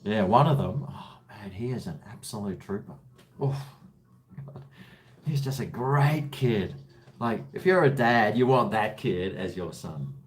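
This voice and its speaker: A man's voice: on the low side, animated, unhurried. A man, chatting casually on his live stream, jokey and calling everyone mate.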